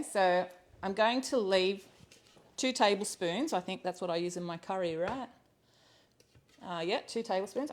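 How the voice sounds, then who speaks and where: A woman hosting a live cooking class from her kitchen, talking casually as she works, thinking aloud with ums and laughing easily. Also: slight background noise. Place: home kitchen. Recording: low-quality livestream audio.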